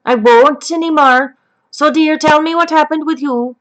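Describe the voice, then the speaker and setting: A woman's voice: sits high, moderate pace, close to an everyday voice, poor audio. A woman playing a foul-mouthed elderly grandmother who rambles off topic and swears constantly. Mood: gossipy. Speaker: grandmother telling a story. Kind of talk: comedic improvised chat.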